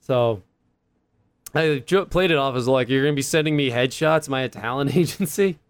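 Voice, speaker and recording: A man's voice: medium pitch, moderate pace, clear, resonant tone, dry recording. A young man, a podcast co-host rambling through a story in casual chat with fillers and laughs.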